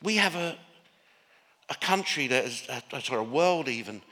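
An earnest man with an English accent preaches a sermon, his bright, forward voice ringing out. He restarts phrases often and builds to emphatic declarations. The sound carries a long hall reverb, as in a church. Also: mid-range voice, expressive, normal speed. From Northern Ireland. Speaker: pastor.

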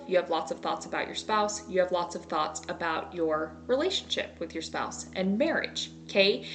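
A woman's voice: mid-range voice, slight background noise. A woman in her thirties, a marriage coach teaching solo on a podcast, talking in a chatty way and acting out her own thoughts.

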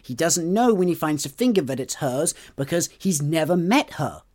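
A man's voice: a little high, sing-song, moderate pace, a little mellow. A man co-hosting a book podcast, chatting casually and giving his opinions with enthusiasm. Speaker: podcast co-host. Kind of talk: casual chat about a book.

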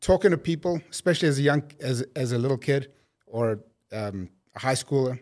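Man, South African accent, relaxed rambling storyteller, medium-pitched voice. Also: a little fast. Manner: relaxed, rambling, frequent restarts. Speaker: guest. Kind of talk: casual conversational storytelling.

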